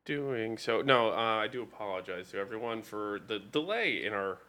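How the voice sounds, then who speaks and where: A man's voice: fairly low pitch, expressive, moderate pace, sharp tone. A man hosting a casual podcast, rambling and self-deprecating, swearing freely. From Wales. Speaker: podcast host.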